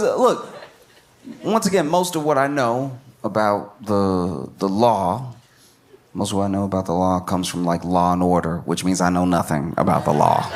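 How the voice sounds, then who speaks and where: A man's voice: lowish voice, very noisy. A man doing a stand-up comedy set, riffing with disbelief and repeating his lines for effect.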